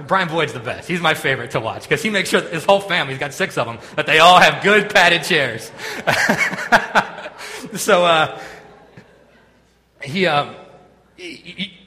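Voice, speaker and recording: A man's voice: on the high side, bright, forceful tone. A man preaching a sermon in a church, telling a story with many restarts and asides. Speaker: pastor. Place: church sanctuary. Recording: long reverb of a church hall.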